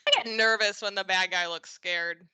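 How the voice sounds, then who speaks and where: Crisp, bright-voiced woman joking along. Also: mid-range voice, fairly even intonation, no echo. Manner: quick joking reactions. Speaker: watch-along co-host. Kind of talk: casual live watch-along chat.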